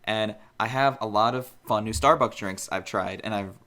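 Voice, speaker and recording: A man's voice: on the low side, normal speed, pushed and bright. A man in his twenties co-hosting a casual podcast, chatty and rambling. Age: 20s. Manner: chatty, rambling, self-conscious. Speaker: podcast co-host. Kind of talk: casual chat.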